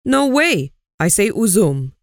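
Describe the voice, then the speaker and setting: A woman voicing a stubborn boy in a storybook, shouting his demand. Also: medium pitch, big pitch swings, takes it slowly, no echo, studio quality. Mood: insistent. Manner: shouting, insistent. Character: excited boy shouting for what he wants.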